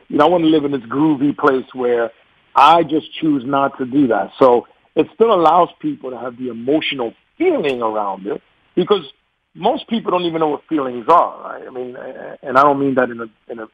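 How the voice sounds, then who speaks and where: A man in his forties, a guest telling stories in a casual interview, animated, laughing often, and repeating words as he starts sentences. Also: mid-range voice, a little fast, breathy edge, dry recording, narrow, tinny audio. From New York.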